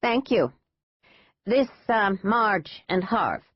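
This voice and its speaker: A woman's voice: mid-range voice, animated, drawn-out words, husky, dry recording, muffled recording, pitched above the performer's own voice, exaggerated voice. A woman reading an audiobook, voicing a tart older woman behind an ice cream counter who talks in a blunt, dry, falsely sweet way.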